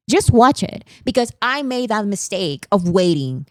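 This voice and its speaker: In this dry recording made without a pop filter, a young woman hosts a vlog and runs through pop-culture news with chatty emphasis. Her fairly high voice is animated, and she keeps a measured pace.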